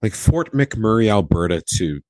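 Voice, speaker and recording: A man with a deep voice tells a story from his years as cabin crew in a casual podcast chat. His pitch swings widely as he acts out the lines of each person. The sound is dry and close to the mic. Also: normal speed, no room sound. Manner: animated, acts out quoted dialogue, laughs often. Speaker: podcast host, former flight attendant.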